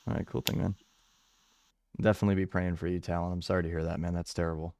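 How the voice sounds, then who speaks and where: A man hosting a live stream in a relaxed, casual way. His voice sits very low, with a gravelly fry. The sound is dry and close to the mic. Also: fast, dry recording. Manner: laid-back, uses filler words often. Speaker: debate stream host. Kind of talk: casual chat.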